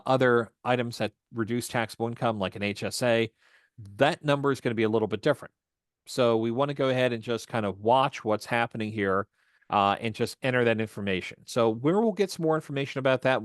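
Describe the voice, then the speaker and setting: A man teaching volunteer tax preparers, walking through a form step by step in a steady explanatory way with frequent fillers. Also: mid-range voice, no echo, clean studio sound. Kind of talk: instructional walkthrough.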